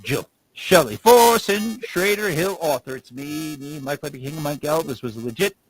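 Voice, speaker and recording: A man's voice: a little high, animated, moderate pace, low-quality recording. A man co-hosting a podcast, rambling through casual stories and laughing as he talks. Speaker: podcast co-host.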